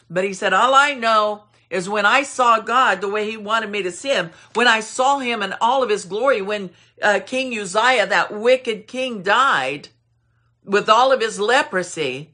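A woman preaching a sermon, swinging between loud declarations and hushed, quiet asides. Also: mid-range voice, a little slow.

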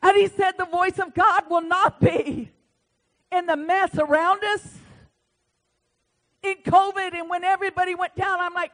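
A woman preacher with a high-pitched voice delivers a fervent sermon. She drops to a hush, then rises to full shouts, and she acts out dialogue with God as she goes. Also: fairly even intonation, measured pace, long pauses. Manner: impassioned, swings from hushed to shouting.

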